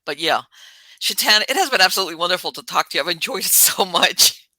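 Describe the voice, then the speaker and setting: A woman podcast host telling a story in a casual, animated way, laughing as she talks. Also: fairly low pitch, quick pace, dry recording.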